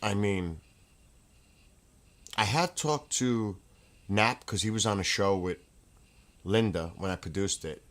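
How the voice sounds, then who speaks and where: A man hosting his own livestream from a room at home, telling casual, rambling stories in an excitable way, with restarts and laughs. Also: lowish voice, slow, long pauses. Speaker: livestream host.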